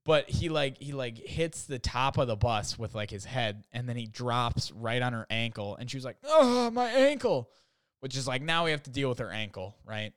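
A young man tells comic anecdotes in a loose, rambling way, leaning on "like" and swearing as he acts out what others said. His voice is smooth and clear. The recording is dry and close, with no room sound. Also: mid-range voice, normal speed, hardly any pauses, a bit bright, no room sound. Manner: rambling, full of "like", profane, acts out others' lines. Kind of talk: casual comic storytelling.

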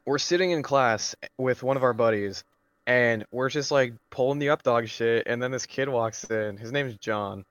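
A man's voice: medium pitch, moderate pace, a bit bright, clear, resonant tone, no echo. A young man co-hosting a podcast, chatting casually and swearing often as he tells stories, laughing along. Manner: profane, laughing storyteller. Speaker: podcast co-host. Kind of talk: casual chat. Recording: dull, lo-fi sound.

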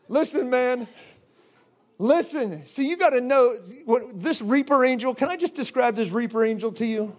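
A man preaching a charismatic sermon in a fervent, exclamatory way, breaking into shouts and laughter. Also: very high-pitched, normal speed, some chatter behind.

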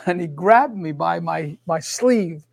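Minister in his sixties, high-pitched, animated storyteller who acts out every exchange. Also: takes it slowly, creaky. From Scotland. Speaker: minister and author. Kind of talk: storytelling testimony. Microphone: studio microphone.

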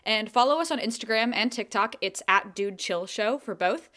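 A woman's voice: a little high, animated, normal speed, noisy background. A young woman co-hosting a podcast, telling stories in a rambling, casual way full of fillers. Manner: rambling storyteller with many fillers. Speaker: podcast co-host. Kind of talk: casual chat.

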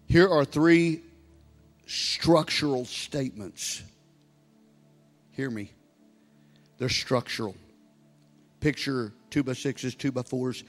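A man in his sixties, a pastor preaching a sermon and building to loud exhortation. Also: medium pitch, slow, long pauses. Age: 60s. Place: church sanctuary. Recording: long reverb of a large hall with music.

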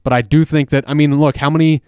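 A man hosting a casual sports talk podcast, rambling and animated, often restarting his sentences. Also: on the high side, fast talker, clean tone, dry recording. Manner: rambling, self-interrupting, animated. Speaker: podcast host.

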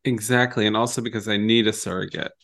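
A man's voice: fairly low pitch, fairly even intonation, fast, gravelly, a bit bright. A man co-hosting a podcast, chatting casually and animatedly while recapping a TV episode and quoting its scenes. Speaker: podcast co-host.

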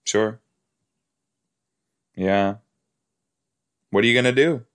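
A man hosting a podcast, chatting casually as he reacts to a TV episode, easily amused and quick to gasp and laugh. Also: lowish voice, a bit bright.

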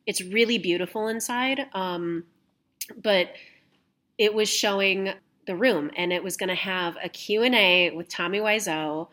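A woman's voice: medium pitch, unhurried, a bit bright. A young adult woman hosting a podcast, telling stories in casual chat, laughing often and swearing casually. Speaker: podcast host.

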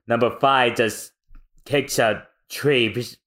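A woman's voice: a bass voice, fairly even intonation, slow, a bit bright. A woman co-hosting a podcast, reading a comic aloud with playful, laughing narration. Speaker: podcast co-host.

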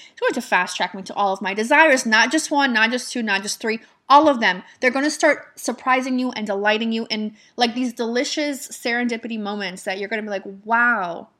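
A woman's voice: fairly high pitch, fairly bright tone. A woman manifestation mentor giving an emphatic motivational talk, swearing casually and repeating her points. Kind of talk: motivational monologue.

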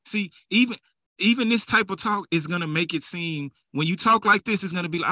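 A man's voice: high voice, brisk, pushed and bright, no echo. A man preaching a sermon in a casual, conversational way that builds into fervent exhortation.

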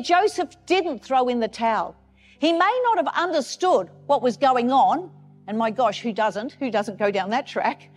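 High-voiced woman pastor preaching. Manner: earnest, emphatic preaching with repeated phrases. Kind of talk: sermon.

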